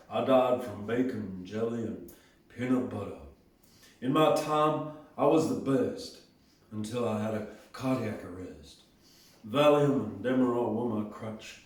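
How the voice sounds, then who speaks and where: A man doing a comic impression of the ghost of a famous rock and roll singer, with a put-on Southern US drawl, reciting in a slow, drawling delivery. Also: on the low side, pitched below the performer's own voice, natural voice. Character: Elvis ghost, drawling deep-voiced male crooner. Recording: roomy hall from a distance.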